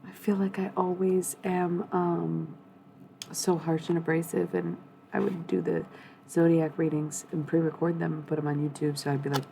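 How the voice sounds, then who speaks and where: A woman's voice: sits low, moderate pace, gravelly, mellow, slight background noise, poor audio. A young woman giving a blunt, profane, rambling tarot reading on a live stream.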